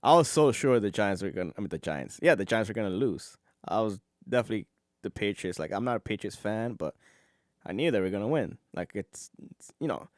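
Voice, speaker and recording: A man with a lowish voice talks loosely and off the cuff on his own podcast. He swears freely, laughs often, and drifts from point to point. The sound is dry and close to the mic. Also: no echo. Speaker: podcast host. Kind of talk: solo podcast chat.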